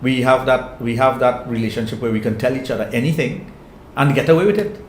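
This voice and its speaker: A man's voice: medium pitch, brisk. An older man with a Trinidadian accent, answering interview questions in an earnest, reflective way and often repeating phrases as he thinks. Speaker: interview guest, sexologist. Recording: echoey room with faint noise.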